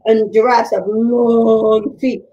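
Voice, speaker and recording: A young woman leads a creative drama warm-up for little ones, full of animation, sing-song phrasing and playful animal noises. Her pitch is a little high and her delivery slow with a breathy edge, and the sound is lo-fi.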